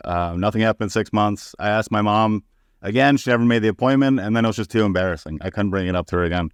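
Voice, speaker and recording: A comedian guest on a casual podcast tells personal stories in a frank, profane, easygoing way, acting out the people he quotes. His voice is lowish, fast and smooth, recorded at studio quality with no room sound.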